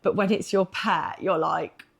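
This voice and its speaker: A woman's voice: fairly low pitch, unhurried, gravelly, slight background noise. A middle-aged woman co-hosting a podcast, chatting casually in a rambling way with lots of fillers and the odd swear word. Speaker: podcast co-host. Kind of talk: casual chat.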